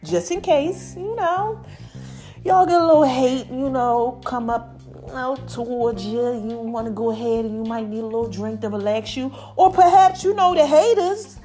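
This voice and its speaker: High-voiced woman podcast host, playful. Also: normal speed, soft background music. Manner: lively, playful, calls listeners "baby" and "y'all". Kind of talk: casual chat.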